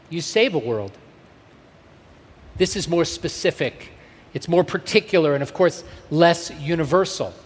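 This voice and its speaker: A man giving a sermon in a measured, deliberate way, slowing down to stress the texts he reads. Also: a little high. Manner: measured and deliberate, with slow emphatic readings. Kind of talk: sermon on a text. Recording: long hall reverb.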